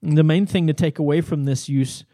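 A man's voice: a little high, steady tone, a little fast, mellow, dry recording. Conversational man teaching a sermon. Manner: explanatory, conversational with fillers. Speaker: pastor.

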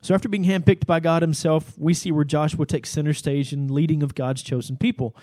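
A man's voice: fairly high pitch, fairly even intonation, fairly quick, warm tone, dry recording. Conversational man teaching a sermon. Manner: explanatory, conversational with fillers. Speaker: pastor.

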